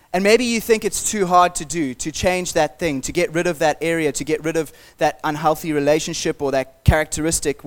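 A man delivers a sermon in a relaxed, conversational tone. His voice sits a little higher than most men's. He talks earnestly and encourages his listeners. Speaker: pastor.

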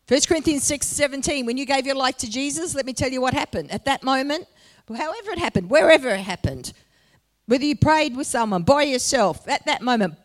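A woman with a fairly high voice delivers a sermon. She tells her story in a conversational way, then builds to animated, emphatic preaching that rises in volume for key points. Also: a little fast.

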